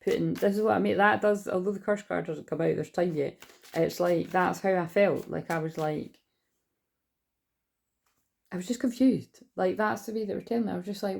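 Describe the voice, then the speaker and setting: A woman's voice: fairly low pitch, normal speed, creaky, a little mellow. A woman giving a casual, rambling tarot reading, listing card meanings and swearing freely. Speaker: tarot reader.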